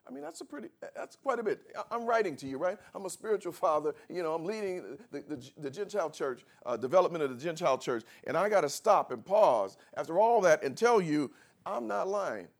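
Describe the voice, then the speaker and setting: A man preaching a sermon as pastor, drawing out emphatic words, pausing for effect, and swinging between soft asides and shouted emphasis. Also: a little high, lively intonation, gravelly. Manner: drawn-out emphatic words with pauses.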